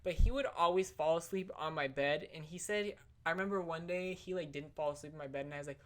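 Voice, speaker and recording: With a low-sitting voice, this young woman vlogger talks fast and hardly pauses. She's telling stories casually, in a slangy, chatty way full of "like" and "literally."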